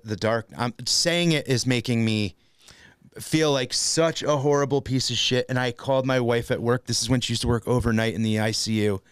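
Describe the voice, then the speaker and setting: A man hosting a casual comedy podcast, telling a self-deprecating story with lively energy and acted-out outbursts. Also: medium pitch, clear, resonant tone, dry recording, studio quality. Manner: animated, self-deprecating storyteller, acts out his own shouts. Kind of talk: casual chat.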